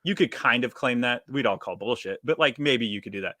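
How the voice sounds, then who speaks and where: A man's voice: mid-range voice, animated, a little fast, pushed and bright, no echo, clean studio sound. A man co-hosting a casual sports podcast, laid-back and hedging, full of "like" and "you know". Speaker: podcast co-host.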